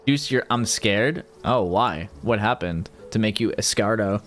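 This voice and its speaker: A man with a lowish, slightly bright voice speaks slowly over soft background music. He's casually streaming, rambling, joking about games and poking fun at himself in loose livestream chat.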